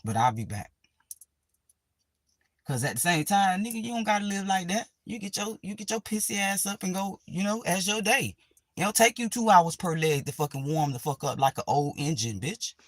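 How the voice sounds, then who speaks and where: A woman's voice: on the low side, lively intonation, normal speed, no echo. A woman vlogger in a profane, sarcastic ranting monologue, full of dramatic asides.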